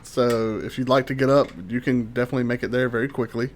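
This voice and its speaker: A man narrating as game master over an online voice call, talking in halting bursts full of ums and restarts. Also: mid-range voice, flat delivery.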